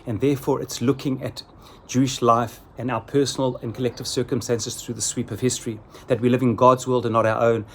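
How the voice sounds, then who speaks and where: A middle-aged man delivers a sermon in an earnest, measured way, often repeating his key phrases for weight. His voice sits in a middle pitch. A faint noise runs underneath the recording. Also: flat delivery, a bit bright. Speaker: rabbi giving a weekly Torah talk.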